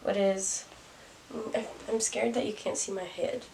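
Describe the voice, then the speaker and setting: A woman's voice: medium pitch, steady tone, a little slow, creaky, darkish tone. A young woman doing a casual tarot reading to camera, musing aloud and laughing at herself. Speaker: tarot reader. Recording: distant mic, faint noise.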